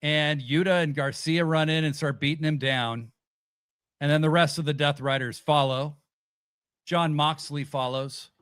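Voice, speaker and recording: Male podcast host, casual and animated, slightly raised pitch, dry recording. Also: unhurried, clean tone, no echo. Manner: animated, swears casually, acts out quotes. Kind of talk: casual wrestling review chat.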